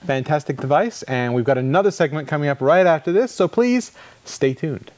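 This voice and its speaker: A man's voice: fairly high pitch, animated, brisk, a little mellow, dry recording. A man hosting a casual gadget review chat, jokey and rambling. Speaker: podcast host.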